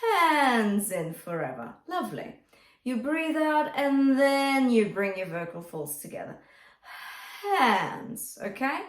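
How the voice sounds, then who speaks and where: A woman singer and vocal coach teaching a song gently and encouragingly, and singing short lines to show each technique. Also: sits high, slow pace. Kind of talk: singing lesson with sung demonstrations. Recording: echoey room with faint guitar music.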